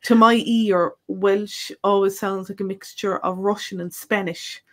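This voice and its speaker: Irish woman co-host, relaxed and chatty, mid-range voice, laughs easily. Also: medium pitch, a little slow. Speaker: Irish language teacher, co-host. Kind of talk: casual live-stream chat.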